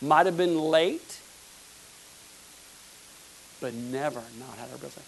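A pastor from the United States, preaching a fervent sermon with emphatic repeated words. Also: male voice, mid-range voice, measured pace, gravelly, long pauses, rough recording.

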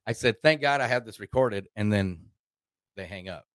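A man's voice: on the low side, normal speed, fairly bright tone, no echo. A man from Arkansas telling a rambling, profane story in a casual podcast chat, acting out the voices of the people he quotes. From Arkansas, United States.

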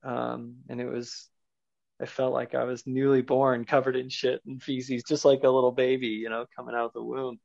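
A man's voice: mid-range voice, flat delivery, normal speed, gravelly, darkish tone, no room sound. A man as a podcast guest, earnestly recounting a personal experience in a searching way, loose with fillers. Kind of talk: personal storytelling in an interview. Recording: dull lo-fi sound.

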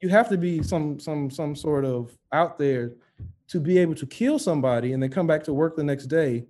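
Animated, profane male storyteller. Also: fairly high pitch, normal speed. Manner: animated, profane, acts out voices in his stories. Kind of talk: casual chat, storytelling.

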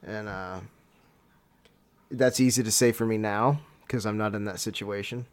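A man's voice: on the low side, steady tone, moderate pace. A man in casual religious discussion, reflective and searching for words.

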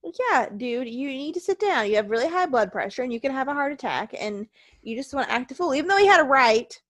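A woman's voice: high voice, expressive, fast talker, fairly bright tone, no echo. Ranting, foul-mouthed woman podcaster. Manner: ranting, profane, heated. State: tired and ill. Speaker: podcast co-host. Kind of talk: casual wrestling podcast chat.

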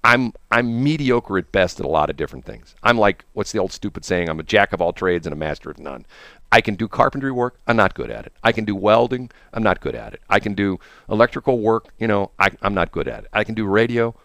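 A male host chatting on the radio, his pitch swinging widely as he rambles from one enthusiastic story to the next. The sound is dry and close, with no room around it. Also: animated, fast, a bit bright, dry recording. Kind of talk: casual chat.

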